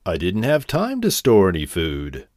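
A man's voice: sits low, huge pitch swings, measured pace, darkish tone, no room sound, studio quality, heavily acted. A man voicing a playful, lazy male grasshopper in a storybook reading, with a coaxing singsong manner. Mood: complaining.

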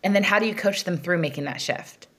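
A woman hosting a podcast, asking questions and reflecting in a measured, thoughtful way. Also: on the low side, fairly bright tone. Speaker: podcast host.

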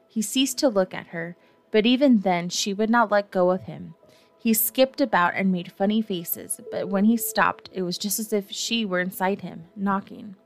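A woman narrating a classic children's story gently, with a wry touch. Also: mid-range voice, normal speed, soft background music. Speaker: audiobook narrator.

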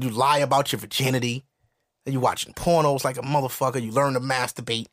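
A man hosting a podcast, ranting in casual comedic style, animated and profane. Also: mid-range voice, fast talker. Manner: animated, profane storytelling with voiced asides. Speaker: podcast host.

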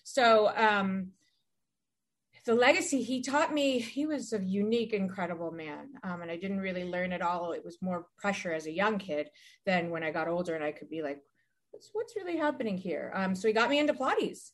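A woman's voice: mid-range voice, expressive, normal speed. A middle-aged woman talking casually as a guest, rambling and acting out what people said. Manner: rambling, acts out quoted dialogue. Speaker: guest, Pilates studio founder. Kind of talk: casual conversation.

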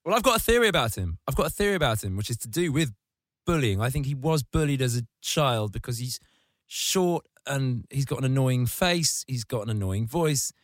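A man's voice: mid-range voice, animated, brisk, no echo. A man in casual comedic podcast chat, ranting sardonically with crude, vivid insults.

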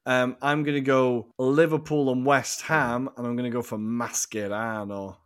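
A young man with a middle-pitched voice co-hosts a relaxed football podcast. He talks in a loose, chatty way and swears freely whenever he gets stuck. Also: moderate pace, clean tone. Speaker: podcast co-host. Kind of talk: casual football podcast chat.

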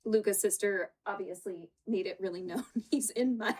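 Her voice is medium in pitch, a little mellow and husky, and she speaks at a normal speed as she co-hosts a casual podcast chat about a reality show. She giggles frequently while replaying scenes in quoted voices, using a home setup with a green screen.

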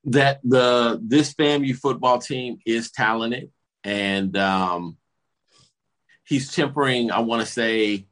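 A man with a mid-range voice co-hosts a casual sports talk show, speaking slowly. He tells stories in an animated way and acts out what coaches said.

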